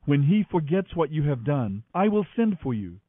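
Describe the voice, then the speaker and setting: A man's voice: fairly high pitch, big pitch swings, moderate pace, no echo. A man reading as an urgent worried mother. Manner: urgent, firm instructions. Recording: tinny phone-like line, faint music.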